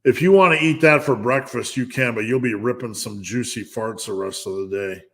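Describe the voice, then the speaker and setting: Speaking at a normal speed in a medium-pitched, slightly bright voice, this middle-aged strength coach runs a live Q&A. He reads viewer questions aloud and gives blunt, jokey lifting advice, frequently stopping to start over.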